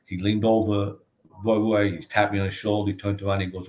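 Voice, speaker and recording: A man's voice: fairly low pitch, little pitch movement, a little fast, a little mellow. An older man, telling stories as a guest, rambling and swearing freely. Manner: rambling, profane, many "you know what I mean". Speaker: guest, author. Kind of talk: casual storytelling.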